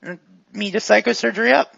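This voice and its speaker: A woman voicing a brusque, casually menacing tattoo artist in a tabletop game, with a gravelly voice. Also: medium pitch, a little fast, fairly bright tone, no room sound. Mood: businesslike. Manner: gruff, blunt, casually menacing. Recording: dull, lo-fi dry mic.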